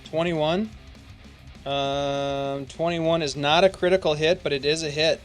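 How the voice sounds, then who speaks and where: A man in the game master's seat, narrating a tabletop game with big theatrical swells and a fairly high voice. Soft guitar music plays under his talk. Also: fairly even intonation, unhurried. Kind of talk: running a tabletop game over a stream.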